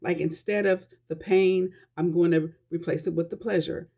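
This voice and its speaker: Earnest woman with vocal fry. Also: fairly low pitch, steady tone, moderate pace, mellow. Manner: earnest, conversational, addresses viewers directly. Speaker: vlogger giving life advice. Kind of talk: casual talk to camera.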